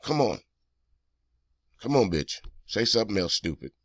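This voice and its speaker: A man's voice: on the low side, sing-song, normal speed, no echo, clean studio sound. A man hosting a reaction video, delivering heated, profane, accusing commentary straight at the person in a clip.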